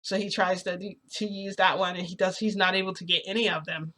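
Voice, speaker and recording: A woman vlogger casually telling her viewers a long personal story, chatty and full of fillers, getting excited as she goes. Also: on the low side, quick pace. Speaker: vlogger recounting a reality shift.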